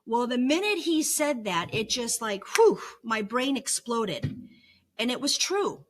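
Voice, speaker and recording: A woman's voice: fairly high pitch, very animated, measured pace. Earnest middle-aged woman vlogging from bed. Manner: earnest and confessional, with self-mocking humor. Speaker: vlogger sharing her illness recovery. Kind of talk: candid personal vlog monologue. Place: home bedroom.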